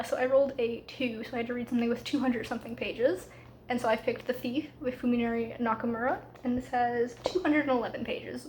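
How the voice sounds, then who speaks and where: Casual woman book vlogger, high voice, chatty and loose, faint room ambience behind. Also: slight background noise. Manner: chatty, frequent fillers like "like"; quick, slightly rushed asides. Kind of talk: casual reading vlog chat.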